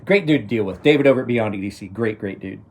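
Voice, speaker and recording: A man's voice: fairly low pitch, quick pace, a little mellow, slight background noise. A middle-aged man hosting a knife channel, chatting casually on a live stream and rambling with many restarts. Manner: rambling, restarts sentences, chuckles to himself. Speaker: knife review channel host.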